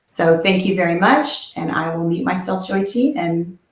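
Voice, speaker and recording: A woman with a fairly low voice speaks over a video call, giving an earnest and passionate presentation as an education researcher. The sound comes from an echoey room. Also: normal speed. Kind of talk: webinar presentation.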